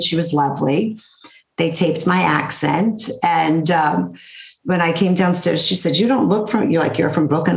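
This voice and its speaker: A middle-aged woman with a slightly low voice tells her story to an interviewer in an animated, blunt way. Her room adds a noticeable echo. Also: vocal fry. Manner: animated, blunt storyteller who acts out quotes. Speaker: interview guest, therapist.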